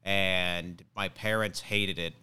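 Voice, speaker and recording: Young man, podcast host, smooth clear voice, loose rambling delivery. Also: deep voice, steady tone, slow, pushed and bright. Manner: rambling, hesitant with many fillers. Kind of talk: casual chat.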